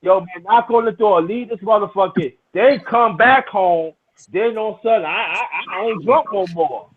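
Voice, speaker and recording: Man, middle-aged, casual chat, rambling profane storyteller, high voice, lo-fi phone-like audio. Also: moderate pace, breathy edge. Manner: rowdy, profane storytelling with many restarts. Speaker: storyteller in a hangout. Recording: tinny, phone-like lo-fi sound.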